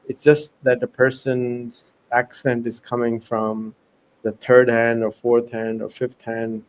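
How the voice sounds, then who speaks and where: A man's voice: medium pitch, flat delivery, takes it slowly, low-quality recording. A man hosting a casual conversation, talking emphatically and repeating phrases for stress. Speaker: host.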